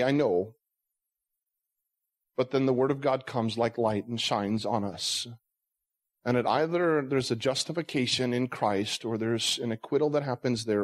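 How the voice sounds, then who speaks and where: Earnest male pastor preaching. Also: medium pitch. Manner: earnest preaching full of rhetorical questions; conversational asides. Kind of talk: sermon.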